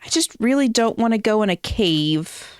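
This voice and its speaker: A woman's voice: fairly high pitch, animated, moderate pace, clean tone, no echo. A woman streamer chatting casually while playing, thinking aloud with hesitant ums. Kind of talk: casual gameplay stream chat.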